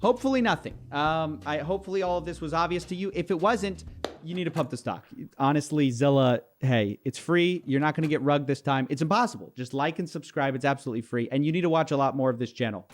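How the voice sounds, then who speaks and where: A man's voice: on the high side, quick pace, slight background noise. A man presenting an online commentary video in a dry, mocking tone with ironic asides. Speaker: YouTube commentator.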